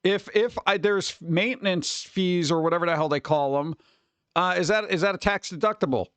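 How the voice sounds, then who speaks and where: A man's voice: high voice, normal speed, a bit bright, clean tone, no echo. A man in his forties, hosting a stream in casual chat, ranting and swearing lightly about everyday annoyances. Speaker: streamer host.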